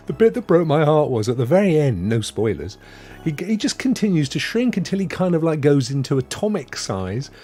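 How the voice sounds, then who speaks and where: Animated male stream host. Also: on the high side, brisk. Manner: chatty and animated, greets viewers warmly by name. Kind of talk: live-stream chat reading viewer comments.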